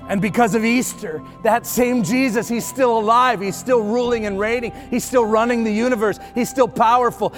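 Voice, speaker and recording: High-voiced man preaching a sermon. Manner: preaching with rising intensity and repetition. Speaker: pastor.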